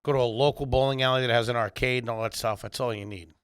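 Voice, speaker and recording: A man with a bright, forward voice trading jokes on a podcast. He plays it deadpan and defends himself with mock seriousness. The sound is dry and close. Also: mid-range voice, fast, clear, resonant tone, dry recording. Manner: deadpan, joking, defensive banter. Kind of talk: casual comedy chat.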